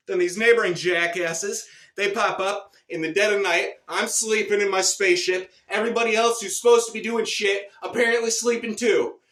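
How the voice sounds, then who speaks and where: A man telling a rambling, profane and boastful absurd story in a deadpan comic monologue. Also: high voice, moderate pace, roomy sound, distant mic. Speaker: comedic storyteller.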